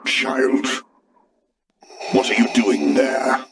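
A man voicing a stern, imposing armored dark lord, slow and booming, with a gravelly edge. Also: a little hiss or hum.

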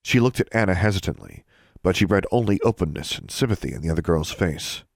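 A man narrating an audiobook with calm storytelling. His voice sits low but moves expressively. The recording is dry and close. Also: fast talker, vocal fry, dry recording.

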